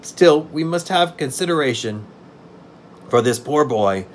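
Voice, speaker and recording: A man reading aloud and voicing a kindly, wise scarecrow king in a gentle, soothing tone. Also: fairly high pitch, expressive, unhurried, slight background noise, pitched above the performer's own voice.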